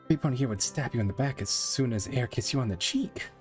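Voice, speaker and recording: A man's voice: medium pitch, animated, quick pace, faint music behind, close to an everyday voice. A man voicing a refined female fashion-designer pony, affected and fond of saying darling. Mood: prim. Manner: uppity, affected, calls everyone darling.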